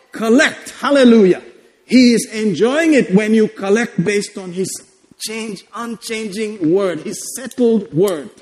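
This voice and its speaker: A man preaching a sermon as pastor, exuberant and laughing, breaking into shouts and repeating phrases. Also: high-pitched, in a large hall.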